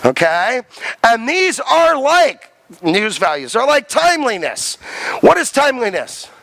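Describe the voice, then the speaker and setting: A male college lecturer with an unusually high, bright, gravelly voice, recorded dry and close. He talks emphatically, quizzes his students and drills the key terms again and again. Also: big pitch swings, unhurried, no echo. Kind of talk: classroom lecture. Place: lecture classroom.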